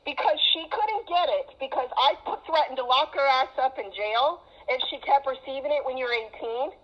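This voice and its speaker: Brief: middle-aged mother, high voice, agitated and lecturing, muffled call audio. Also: normal speed. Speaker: mother on a call with her adult daughter. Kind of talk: heated personal phone conversation.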